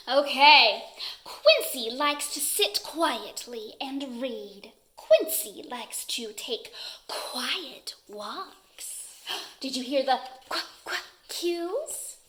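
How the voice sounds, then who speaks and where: A woman's voice: high voice, fairly bright tone, slight background noise. A woman teaching preschoolers who reads a picture book aloud in a playful, giggly way and keeps asking the children questions.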